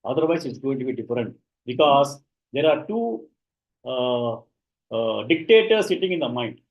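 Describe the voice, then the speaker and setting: A man's voice: medium pitch, sing-song, moderate pace, highs cut off. A man teaching a class online, explaining each verse and chanting it for students to repeat. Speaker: shloka teacher.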